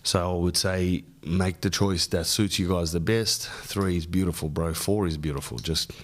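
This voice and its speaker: A man's voice: low voice, fairly even intonation, normal speed. A man hosting a podcast, giving advice in a rambling, slangy way and saying "bro" often. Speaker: podcast host. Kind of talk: casual advice chat.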